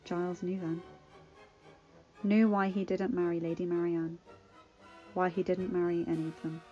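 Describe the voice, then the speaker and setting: A woman reading fanfiction aloud in a measured, expressive narration. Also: on the low side. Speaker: fanfiction reader. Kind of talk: audiobook-style story reading. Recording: dull lo-fi recording. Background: faint music.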